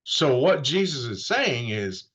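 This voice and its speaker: A male pastor from Florida giving a conversational sermon, telling the story in a lively way and acting out the quoted voices. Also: mid-range voice, slow, slightly rough.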